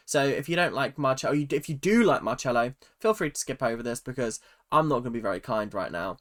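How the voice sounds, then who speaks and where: A man rants his way through a reality show recap, sarcastic and quick to swear. His voice sits at a middling pitch, and he jumps up into a higher voice whenever he acts out what someone said. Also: a bit bright. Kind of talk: casual ranting commentary.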